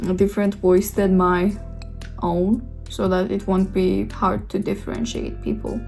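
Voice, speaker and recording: Woman streamer, casual asides to viewers; slow, with vocal fry. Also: medium pitch, level tone, a little mellow. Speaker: game streamer. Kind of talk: casual commentary over gameplay. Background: faint music.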